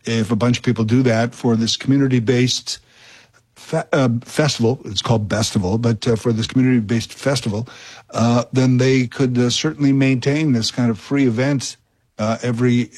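A husky, slightly breathy middle-aged man, talking on the radio as a fill-in host. He meanders through an anecdote in a loose, chatty way, with "uh"s and false starts. His pitch sits in an ordinary middle range. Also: darkish tone. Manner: rambling, chatty storyteller with many fillers and restarts. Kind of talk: casual radio talk and anecdote.

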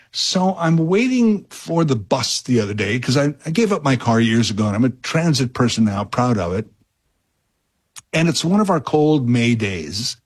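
Guy filling in on talk radio, husky voice, rambles and restarts a lot. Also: medium pitch. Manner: chatty, rambling, self-interrupting, animated when telling a story. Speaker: fill-in radio host. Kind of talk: casual radio talk and storytelling.

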